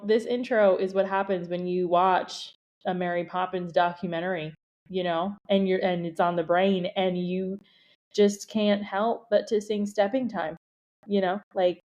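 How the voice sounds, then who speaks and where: A woman's voice: mid-range voice, darkish tone. A woman hosting her own podcast as a business coach, talking in a chatty, playful way with lots of casual fillers. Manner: chatty and playful, with frequent "you know" and "like" fillers. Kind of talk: casual solo podcast talk.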